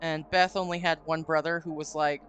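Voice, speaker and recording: A woman's voice: low voice, level tone, a little fast. A woman hosting a live stream, chatting casually and telling a long, rambling story with some swearing. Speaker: streamer host. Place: home stream room. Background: faint spooky music.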